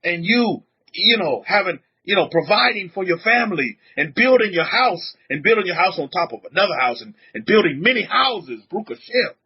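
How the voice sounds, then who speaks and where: A man teaching as a rabbi in a casual, animated sermon, repeating himself and dropping in blessings. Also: high voice, fairly quick, husky, dull audio. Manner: animated, repetitive, punctuated with blessings. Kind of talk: informal outdoor sermon.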